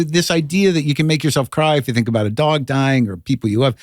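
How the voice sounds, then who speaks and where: A middle-aged male comedian telling an animated, profane story in casual chat, with many stammering restarts. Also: medium pitch, fast talker, hardly any pauses, no room sound, clean studio sound. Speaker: guest comedian.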